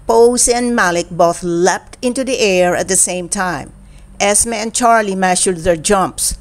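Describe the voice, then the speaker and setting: A woman reading a children's picture book aloud in an expressive storytelling manner. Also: mid-range voice. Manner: slow, expressive and animated reading. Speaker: storybook reader.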